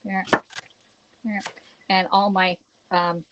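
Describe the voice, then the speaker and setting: Speaking slowly in a level tone at a medium pitch, this cooking livestream host demonstrates a dish live from her home kitchen. She greets her viewers, reads chat out loud and checks in with "okay?" while working. The sound is lo-fi, with a noisy background.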